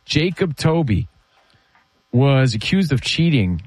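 A man's voice: mid-range voice, big pitch swings, slow, no room sound. A man in his thirties hosting sports talk radio, telling gossip with suspenseful build-ups and reading ads live on a studio mic.

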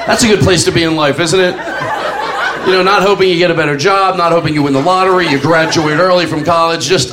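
Middle-aged guy doing standup, kinda high voice, keeps laughing at himself, live club mic with noisy room. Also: fairly even intonation, fast talker. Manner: rambling, laughing at his own jokes, many uh fillers. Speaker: stand-up comedian. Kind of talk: stand-up comedy routine. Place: comedy club stage.

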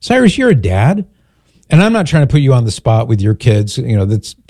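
A man's voice: medium pitch, very animated, brisk, dark tone, no room sound, clean studio sound. An older man, a grandfather, hosting a call-in radio show, speaking earnestly and reflectively with frequent restarts.

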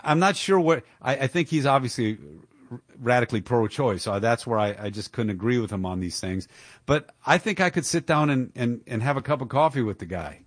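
Male talk radio host, mid-pitched, indignant and emphatic, dry studio sound. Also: dry recording. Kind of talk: opinionated political commentary.

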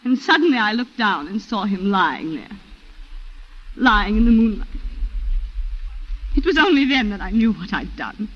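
An actress playing a refined colonial wife who tearfully recounts a shooting, in a 1940s radio drama style. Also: female voice, mid-range voice, very animated, unhurried, long pauses. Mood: distraught. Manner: breathless, emotional, refined. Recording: muffled old radio recording.

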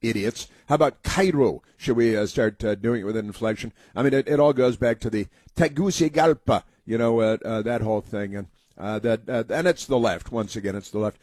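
A man hosting a political opinion monologue, halting and rambling with many fillers, in a sneering, sarcastic tone. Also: medium pitch, darkish tone, dry recording. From United States. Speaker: talk show host.

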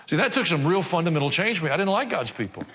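A man's voice: on the high side, very animated, fast, a bit bright, slightly rough. A male pastor preaching a sermon, mixing wry jokes with dramatic emphasis. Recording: long hall reverb.

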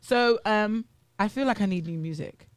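A woman's voice: medium pitch, normal speed, no room sound. A woman co-hosting a casual faith radio show, chatty. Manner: chatty, loud speaking voice. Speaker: radio co-host.

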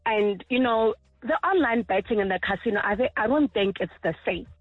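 A woman calling in to a radio show, speaking earnestly and haltingly, often repeating herself. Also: mid-range voice, animated, no room sound, faint music behind. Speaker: caller. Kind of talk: phone-in call. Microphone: phone. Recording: tinny dry phone line.

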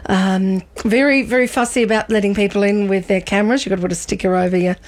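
Woman, radio presenter, mid pitch, casual and animated with lots of fillers. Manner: chatty and animated, quick to laugh, many ums and restarts. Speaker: radio presenter and arts reviewer.

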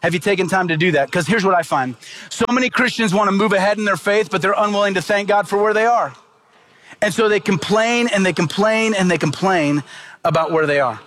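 A man's voice: high voice, fairly quick, fairly bright tone. A middle-aged man preaching a sermon as pastor, earnest and emphatic, asking the congregation rhetorical questions.

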